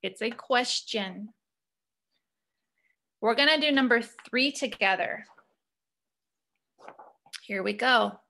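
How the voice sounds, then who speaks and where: In a punctuation lesson for young students, a woman teacher slowly reads sentences aloud and nudges them with questions. Her voice sits on the high side, creaky yet bright and forceful.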